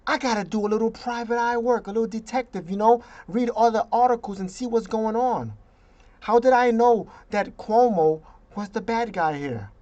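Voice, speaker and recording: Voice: medium pitch, moderate pace, darkish tone, muffled recording. A vlogger delivering an emphatic, indignant political rant and slipping into mocking voices now and then.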